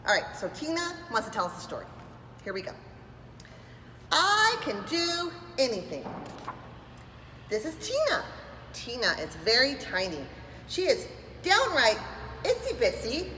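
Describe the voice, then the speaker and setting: A woman's voice: fairly high pitch, moderate pace, a little hiss or hum. A woman reading a picture book aloud to preschoolers, enthusiastic and doing voices. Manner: animated, enthusiastic, does voices. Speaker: preschool storyteller. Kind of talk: children's read-aloud. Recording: echoey room with long reverb.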